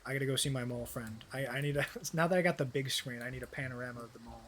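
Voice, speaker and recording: A man's voice: mid-range voice, very fast, a bit bright, slight background noise. A man streaming a game with casual, profane, rambling commentary, easily delighted by small things.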